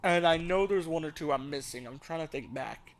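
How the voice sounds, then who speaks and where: Rambling man with a higher voice. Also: a little fast. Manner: rambling, casual, swearing, thinks aloud. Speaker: let's play host. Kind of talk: rambling gameplay commentary.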